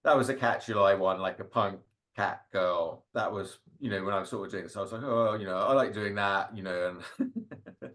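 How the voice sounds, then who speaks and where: Rambling, low-voiced man cartoonist. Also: normal speed, a bit bright. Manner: rambling, full of fillers and self-deprecating laughs. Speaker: guest speaker, cartoonist. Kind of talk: casual talk over slides.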